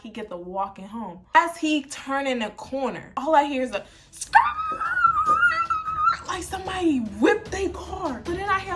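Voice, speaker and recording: A young woman vlogger telling a storytime while getting ready, animated and slangy with conspiratorial asides. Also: high-pitched, normal speed, over loud music.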